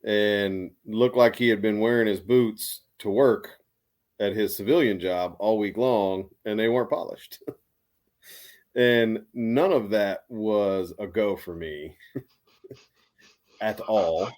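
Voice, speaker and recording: A man's voice: fairly low pitch, slow, a little mellow. A man, an Army veteran, telling stories in a casual, rambling way with many restarts. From United States. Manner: rambling, lots of restarts and fillers. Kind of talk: casual storytelling.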